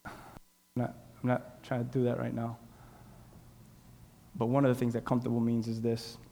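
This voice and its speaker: A man preaching a sermon in a church, swinging between shouted, drawn-out lines and quiet, confiding asides. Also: mid-range voice, completely flat delivery, creaky, a little hiss or hum. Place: church sanctuary. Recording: long reverb in a large hall.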